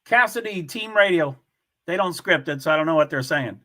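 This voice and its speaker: A man's voice: on the high side, expressive, fairly quick, sharp tone. A man hosting a casual livestream, chatting with viewers and reading their comments aloud in a blunt, offhand way. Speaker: livestream host.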